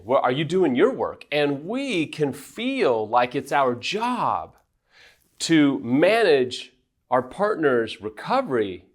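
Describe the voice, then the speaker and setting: A man coaching couples in affair recovery, speaking directly to viewers in an earnest, emphatic way with self-deprecating asides. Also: mid-range voice. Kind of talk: direct advice talk to viewers.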